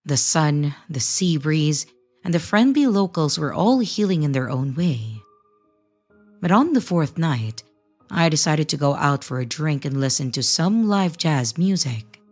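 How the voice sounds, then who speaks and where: Female narrator for creepy story readings: deep register, lively intonation, scripted delivery. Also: measured pace, soft background music.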